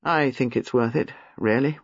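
A man reading aloud, voicing a reserved, sad middle-aged gentleman who speaks slowly and gravely. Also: mid-range voice, no room sound, voice pushed down. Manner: measured, grim, slow. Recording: slightly muffled, dry.

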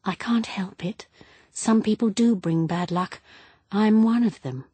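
A woman voicing a superstitious, gloomy young wife in an audiobook, speaking softly and earnestly. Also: medium pitch, unhurried, breathy edge, no echo, pitched above the performer's own voice. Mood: despairing. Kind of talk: audiobook character reading.

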